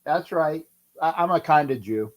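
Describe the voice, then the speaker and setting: Rambling, profane high-voiced man hosting. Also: animated, moderate pace, crowd noise. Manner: profane, rambling, repeats himself. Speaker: host of a sports fan live stream. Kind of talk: casual live-stream chat.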